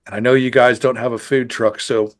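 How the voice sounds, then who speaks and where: A man's voice: medium pitch, level tone, a little fast. A male podcast host chatting casually in an interview. He tells long stories in a rambling way, circling back and restarting his sentences as he goes. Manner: rambling, self-correcting storyteller.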